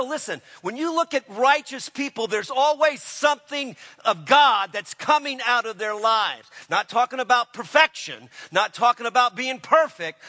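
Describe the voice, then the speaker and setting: A man preaching a sermon with passion, swinging between loud declarations and hushed, intense moments. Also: extremely high pitch, big-room sound.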